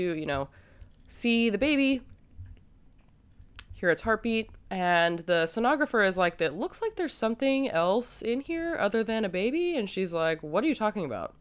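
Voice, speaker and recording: A young adult woman hosts a podcast and chats her way through a film recap. Her voice is strikingly smooth and clear, sitting a little low. She talks loosely, with plenty of "um" and "like" along the way. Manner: chatty, many fillers and hedges. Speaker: podcast host.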